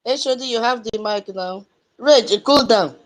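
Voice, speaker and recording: A fairly high-voiced woman hands out the mic in an online audio room. She is chatty and teasing as she calls each speaker up. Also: a little slow, over music. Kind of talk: casual moderating.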